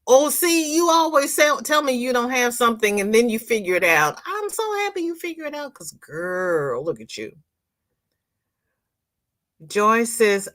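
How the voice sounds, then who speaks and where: A woman's voice: mid-range voice, a bit bright. A woman hosting a crochet live stream, chatting casually and reading viewer comments aloud with playful asides. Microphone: computer mic on a live stream.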